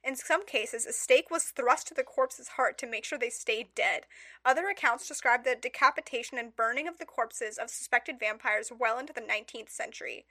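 A woman's voice: fairly high pitch, moderate pace, pushed and bright, no echo. A woman co-hosting a casual podcast, reading facts aloud with stumbles and giggly asides in a small studio. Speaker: podcast co-host. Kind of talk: casual chat reading notes.

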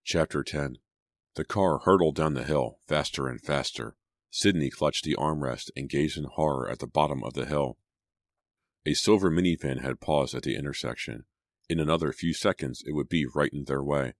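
A male audiobook narrator with a very deep voice reads scripted narration at a normal speed. The recording is clean studio sound with no room sound at all.

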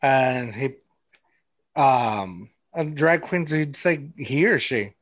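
A man's voice: mid-range voice, lively intonation, slow, dry recording. A man hosting a podcast, telling stories in a rambling, casual way full of "like". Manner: rambling storyteller, lots of "like". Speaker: podcast host. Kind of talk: casual chat.

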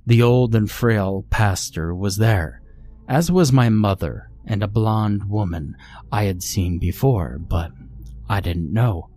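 Slow, deep-voiced male horror narrator. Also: dark tone. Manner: slow, measured storytelling. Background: faint music.

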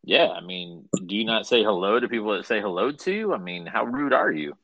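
A man's voice: lowish voice, lively intonation, a little fast, no room sound, dull audio. A man in a casual chat, asking teasing, needling questions.

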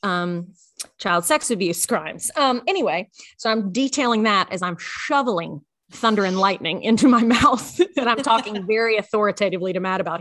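A young adult woman co-hosting a podcast, chatting casually and telling animated stories with voiced quotes. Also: medium pitch, moderate pace, no room sound, clean studio sound. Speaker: podcast co-host. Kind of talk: casual chat.

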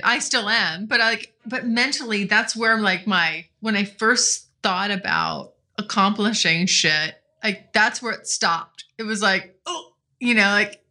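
Bright-voiced woman in her forties, chatty. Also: medium pitch. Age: 40s. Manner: candid and chatty, swears freely, laughs often. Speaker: podcast host. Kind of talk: casual solo podcast chat. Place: home, morning with coffee.

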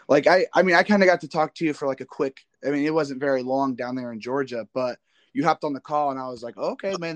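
A man's voice: medium pitch, no room sound. A man from the Midwest hosting a podcast, asking long rambling questions with many repeats and restarts. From American Midwest. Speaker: podcast host. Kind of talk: casual interview questions.

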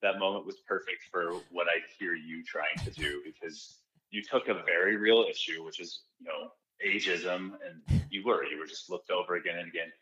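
Male guest, very low pitch, forceful tone, earnest and reflective, muffled recording. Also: steady tone, moderate pace. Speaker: podcast guest, comedy festival producer. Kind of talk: reflective conversational talk.

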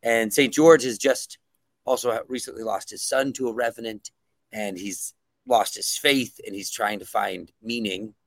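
A man's voice: medium pitch, steady tone, moderate pace, no echo. A man being interviewed as a comic book writer, talking enthusiastically and rambling with many fillers. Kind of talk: casual interview talk.

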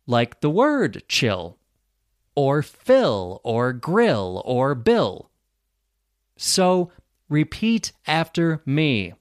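A man hosting a podcast as an English teacher, speaking slowly and clearly for learners. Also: no room sound, clean studio sound. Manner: careful, over-articulated teacher's delivery with lively pitch.

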